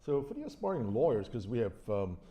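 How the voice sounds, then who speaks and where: A man's voice: medium pitch, big pitch swings, fairly quick, warm tone. A man, a professor, moderating an on-stage conversation and asking long questions with restarts. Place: university event hall.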